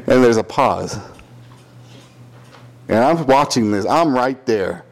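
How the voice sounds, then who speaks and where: Animated, swearing man telling a story. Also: mid-range voice, extremely slow. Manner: profane, animated, acts out quotes in raised voices. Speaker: storyteller in casual chat. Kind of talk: casual storytelling chat.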